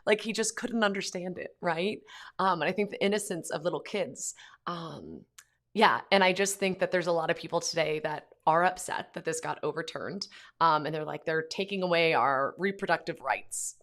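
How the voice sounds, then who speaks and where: Low-voiced woman podcaster, earnest. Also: moderate pace, fairly bright tone. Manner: earnest, conversational, many fillers. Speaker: podcast host. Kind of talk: casual monologue.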